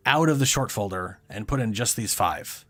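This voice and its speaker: A man hosting a let's play, giving casual gameplay commentary, excitable, swearing and laughing often. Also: on the low side, moderate pace, faint music behind.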